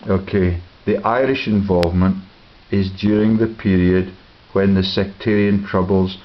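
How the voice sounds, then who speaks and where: A man campaigning, giving a slow, accusatory commentary over film clips. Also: deep voice, steady tone. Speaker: political campaigner. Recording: dull lo-fi with hiss.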